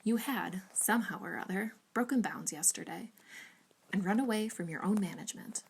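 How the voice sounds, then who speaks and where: A woman's voice: medium pitch, normal speed, vocal fry, slightly rough. A woman reading aloud, voicing a witty young lady who banters archly. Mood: bantering. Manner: arch and bantering.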